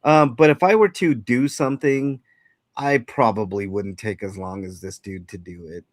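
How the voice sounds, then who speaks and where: A man's voice: on the low side, fairly even intonation, normal speed, no echo, clean studio sound. A man hosting a casual livestream chat, greeting viewers and rambling with many fillers and restarts. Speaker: livestream host.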